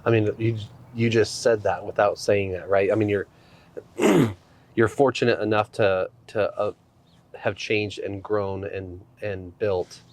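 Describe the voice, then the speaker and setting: A man hosting a podcast interview, speaking in a halting, reflective way with frequent restarts. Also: fairly low pitch, steady tone. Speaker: host.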